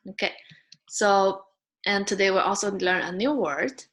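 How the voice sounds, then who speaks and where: A woman teaching a beginner Mandarin lesson, patiently modeling sounds and words for learners to repeat. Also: animated. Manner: slow, patient, models sounds loudly and high.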